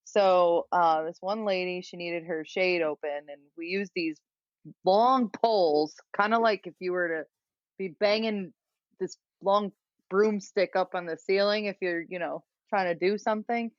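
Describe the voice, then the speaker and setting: A woman telling a story as a podcast guest, animated and laughing at herself. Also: fairly low pitch, unhurried, dry recording. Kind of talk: casual storytelling. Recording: dull dry lo-fi recording.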